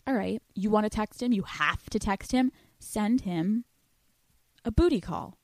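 A young adult woman hosting a podcast, giving blunt, profane dating advice in a casual, animated monologue. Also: mid-range voice, measured pace, no room sound. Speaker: podcast host.

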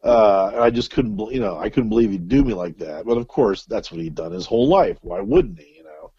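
A man's voice: fairly low pitch, big pitch swings, brisk, vocal fry, dark tone, breathy edge, dry recording, muffled recording. A man telling a long, profane story as an interview guest, full of fillers and restarts. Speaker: guest musician. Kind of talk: casual storytelling.

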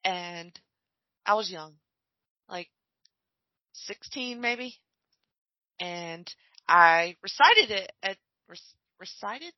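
A woman co-hosting a podcast, musing in casual chat while watching a film, often trailing off softly. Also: mid-range voice, animated, extremely slow, long pauses, no echo, highs cut off. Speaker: podcast co-host. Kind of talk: casual chat during a movie watch-along.

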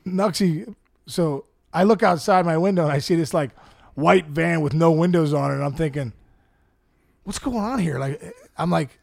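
A middle-aged man telling stories in a casual chat, animated, acting out the people in them and laughing often. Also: a little high, creaky. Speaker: guest storyteller. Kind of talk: casual storytelling.

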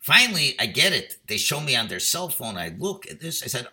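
Passionate rabbi with a bright voice. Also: male voice, mid-range voice, very animated, a little fast. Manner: passionate, swings from loud exhortation to quiet storytelling; uses Yiddish and Hebrew words. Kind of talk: Torah talk.

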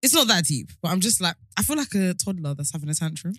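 Bright, lively chatty woman. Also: on the low side, fast, dry recording, clean studio sound. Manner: chatty, laughs often, tells stories. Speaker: podcast co-host. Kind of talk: casual chat.

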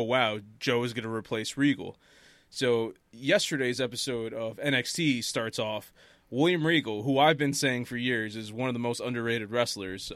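Man, casual podcast host, bright tone, dry close sound, animated storyteller. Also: mid-range voice, no echo. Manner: animated storytelling, laughs often. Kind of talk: casual chat.

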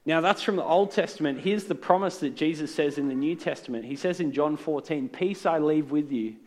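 A man's voice: on the high side, moderate pace. A man preaching a sermon in an earnest, conversational way with touches of humor. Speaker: pastor. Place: church.

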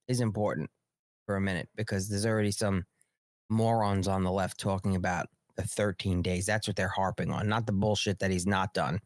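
Sarcastic and profane, this male host rambles through casual political commentary on a live stream. His voice runs on the low side, recorded in clean studio sound without echo.

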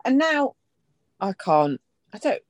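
A woman's voice: on the high side, big pitch swings, slow. A woman co-hosting a podcast, chatting casually with playful, dramatic exclamations. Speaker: podcast co-host. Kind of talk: casual chat.

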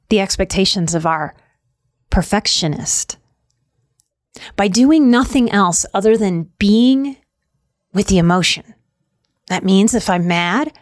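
A woman's voice: mid-range voice, no room sound, studio quality. A middle-aged woman hosting a reflective talk on anxiety, speaking earnestly with repeated emphasis and the odd "y'all". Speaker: podcast host on anxiety.

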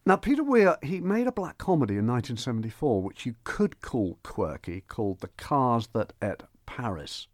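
Brief: male radio film reviewer, lively sing-song delivery, close dry studio sound. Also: mid-range voice, moderate pace, hardly any pauses, no room sound. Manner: enthusiastic, animated, with frequent restarts. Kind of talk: radio chat.

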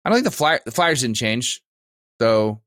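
A man's voice: medium pitch, big pitch swings, normal speed, a bit bright, no room sound, clean studio sound. A man co-hosting a casual gaming talk show, eager and stammering through restarts. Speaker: podcast co-host. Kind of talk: casual chat about tabletop gaming.

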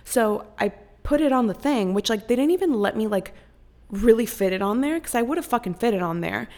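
Chatty young woman with heavy vocal fry. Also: on the high side, lively intonation, a little fast, darkish tone. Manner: chatty, heavy "like" filler, frequent swearing. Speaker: content creator. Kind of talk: casual storytime.

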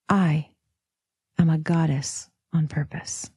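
A woman podcast host leading a slow, soft guided meditation, sometimes dropping into a whisper and calling the listener sister. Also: sits low, fairly even intonation, breathy edge, no room sound, studio quality. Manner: calls listener "sister", affirmations.

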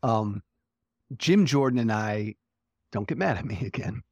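A man's voice: on the low side, expressive, unhurried, darkish tone, breathy edge, no room sound. A man speaking as a guest in a casual political chat, blunt and profane, laughing often.

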